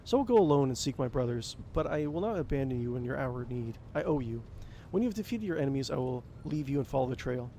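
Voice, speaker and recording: A man voicing a grim, brooding male space-wolf warrior, speaking low and measured. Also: expressive, warm tone, a little hiss or hum, lightly acted. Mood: solemn.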